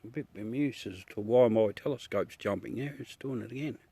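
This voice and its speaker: A man's voice: lowish voice, brisk, warm tone, slightly rough, dry recording. An Australian man hosting a livestream, chatting casually with viewers in a rambling, easygoing way, laughing at his own jokes. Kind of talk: casual live chat. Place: at home beside a telescope.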